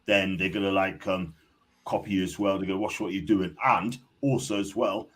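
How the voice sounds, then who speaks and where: Man guesting on a live stream; earnest and halting, with a lowish, bright voice. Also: steady tone. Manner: earnest, hesitant with fillers. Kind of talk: casual live stream chat.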